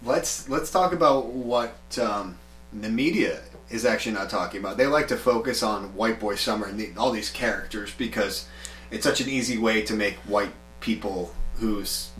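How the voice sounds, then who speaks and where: A man co-hosting a casual podcast chat, with a dry, deadpan way of talking. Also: fairly low pitch, normal speed, faint music behind. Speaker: podcast co-host. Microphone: set back from the mic. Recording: echoey room, set back from the mic.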